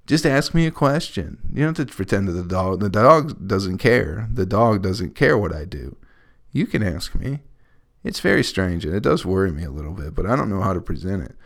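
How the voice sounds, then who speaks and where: A man's voice: deep voice, big pitch swings, a little fast, creaky. A young man, a comedian, talking through a casual, profane, scattered podcast monologue with a wry edge.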